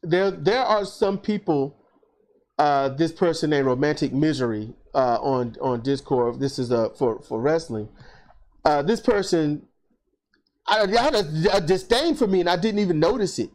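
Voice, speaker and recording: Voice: mid-range voice, moderate pace. A guest in a casual online discussion over a video call, telling stories with heavy swearing. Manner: animated, profane, storytelling.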